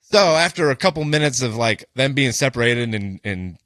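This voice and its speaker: Male podcast co-host, bright and forceful, loose profane storyteller, dry close mic. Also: mid-range voice, animated, normal speed, no echo. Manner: loose and profane, with many fillers like "like" and "you know". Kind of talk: casual storytelling.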